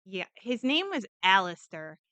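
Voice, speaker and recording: A woman's voice: medium pitch, very animated, a little slow, bright, forceful tone, dry recording. A woman casually recapping a true crime case, rambling and chatty with lots of fillers and restarts.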